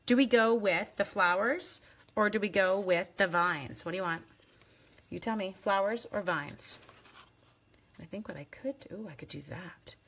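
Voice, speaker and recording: A chatty, playful woman runs a live craft demo, talking straight to her viewers as she works. Her voice is husky and a little breathy, sitting in a middle pitch. She teases herself and jokes along the way. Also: normal speed, fairly bright tone. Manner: chatty, playful, self-teasing.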